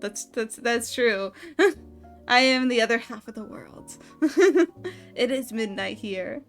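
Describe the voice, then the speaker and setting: A woman's voice: on the high side, takes it slowly, soft background music. Giggly woman streamer chatting late. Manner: giggly and rambling, laughing often. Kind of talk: casual late-night chat.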